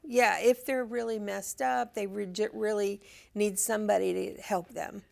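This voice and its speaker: Her voice is medium-pitched and creaky, steady in tone and moderate in pace. A guest on a talk show, this leader of a street and jail ministry talks earnestly in a casual way, laughing easily and often restarting what she's saying.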